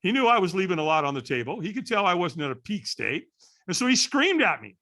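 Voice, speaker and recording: A man in his sixties from California, a podcast guest telling a story in an animated way, acting out the voices of the people in it. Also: high-pitched, fast. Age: 60s. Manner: lively storyteller acting out voices, frequent "right?".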